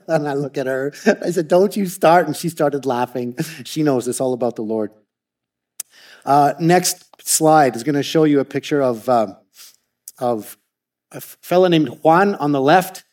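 A man's voice: mid-range voice, moderate pace. A man from Canada giving a testimony talk with slides, telling stories with lots of restarts. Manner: animated storytelling with frequent restarts. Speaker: ministry speaker presenting slides.

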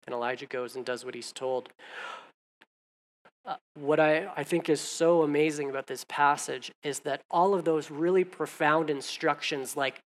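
A man preaching a sermon in a conversational way, growing animated as he reads scripture aloud. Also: on the high side, measured pace. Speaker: pastor.

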